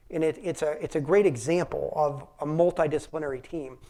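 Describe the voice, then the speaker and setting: A middle-aged man with a slightly high voice gives a relaxed lecture. He talks in a chatty, meandering way and restarts his sentences often, as if thinking aloud in front of an audience. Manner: conversational, rambling, frequent restarts. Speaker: physician giving a public lecture. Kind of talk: informal lecture with anecdotes. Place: public library talk.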